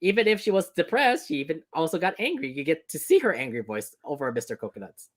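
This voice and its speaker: A man co-hosts a casual film review chat, laughing often and rambling through his points with plenty of fillers. His pitch swings in a lively, animated way as he talks. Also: fast. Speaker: co-host.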